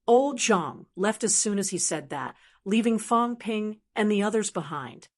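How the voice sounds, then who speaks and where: A woman narrating a martial arts audiobook in an even, measured reading style. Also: mid-range voice. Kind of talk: scripted narration.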